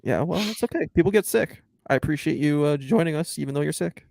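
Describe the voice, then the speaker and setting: A man's voice: on the high side, lively intonation, fast talker, gravelly, darkish tone, no room sound, studio quality. A man hosting a podcast in casual chat, joking and swearing freely. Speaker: podcast host.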